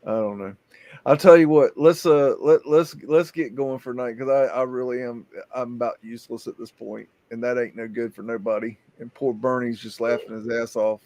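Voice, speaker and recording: A man's voice: medium pitch, steady tone, normal speed, dark tone, no echo. A man with a Southern US accent hosting a casual live chat, telling rambling stories with many restarts. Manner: rambling storyteller, frequent restarts. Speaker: show host.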